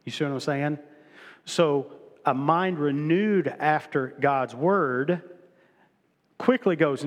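A man's voice: fairly high pitch, slow, pauses often, in a large hall. A middle-aged male pastor preaching a sermon in a casual, conversational way, often repeating himself and restarting phrases. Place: church sanctuary.

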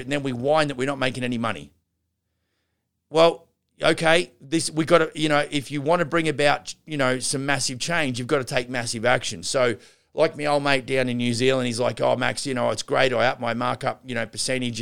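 Gravelly rambling man coaching builders. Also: mid-range voice, a bit bright. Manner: rambling, with frequent restarts and asides; direct, addresses listeners as guys and gals. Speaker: podcast host and renovation business coach. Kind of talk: casual instructional talk.

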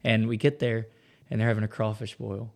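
A man's voice: on the low side, level tone, gravelly. A young man, a guest on an interview, chatting in a casual way. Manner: quick and chatty.

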